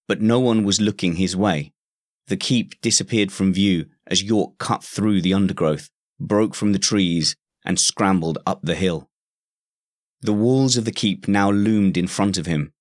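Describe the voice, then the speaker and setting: A man narrating a story in a steady, scripted reading. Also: low voice, measured pace, dry recording, clean studio sound.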